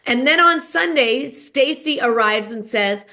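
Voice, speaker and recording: A woman's voice: fairly high pitch, animated, slow, few pauses, sharp tone. A young woman hosting a podcast, recapping reality TV in a casual monologue and acting out quotes with dramatic emphasis. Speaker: podcast host.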